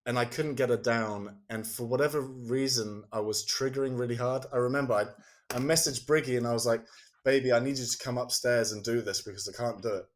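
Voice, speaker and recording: A man talking as a podcast guest, telling a personal story in a casual, halting way and acting out what people said. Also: mid-range voice. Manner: storytelling, acting out quoted speech; halting, restarts sentences. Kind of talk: casual conversation.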